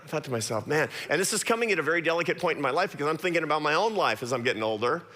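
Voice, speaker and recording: Middle-aged guy telling a story on stage, really lively up and down voice, jokey asides. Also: fairly high pitch. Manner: animated, self-deprecating storyteller with quick asides. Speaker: guest speaker. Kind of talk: storytelling talk to an audience. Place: large church auditorium. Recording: long hall reverb.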